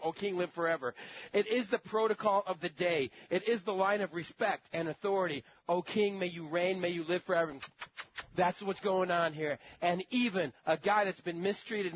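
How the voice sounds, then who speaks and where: A man's voice: high voice, slightly rough. A man preacher delivering a sermon in a dramatic storytelling manner, with conversational asides to the congregation. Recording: dull lo-fi sermon recording.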